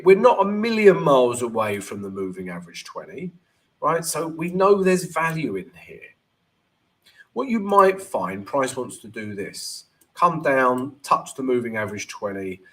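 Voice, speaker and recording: A man's voice: medium pitch, fairly bright tone. A man hosting a live trading stream, talking casually and with energy, and often checking in with "right?".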